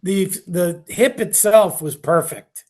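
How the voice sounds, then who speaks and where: Man guest, slightly high voice, even, plain delivery in casual talk. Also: slow pace. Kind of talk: casual chat.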